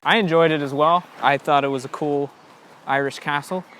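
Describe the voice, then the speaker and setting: A man hosting a travel vlog, talking to viewers in a relaxed, chatty way while outdoors on a day trip. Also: fairly high pitch, moderate pace, noisy background. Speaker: vlog host. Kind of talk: casual vlog narration.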